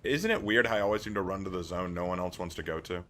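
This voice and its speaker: A man's voice: low voice, fast talker, slight background noise. A young man from the American South, chatty and teasing, commentating casually while he plays. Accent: mild Southern US, mostly suppressed. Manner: animated, chatty, teasing, laughs often. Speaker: gaming streamer. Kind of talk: casual live-stream commentary.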